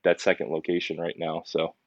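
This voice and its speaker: A young man with a deep, low voice tells his story as a podcast guest. He sounds earnest and animated, stumbling and restarting as he goes. The recording is dry, a little dull and lo-fi. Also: brisk, no echo. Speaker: podcast guest, pizzeria owner. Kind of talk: casual storytelling interview.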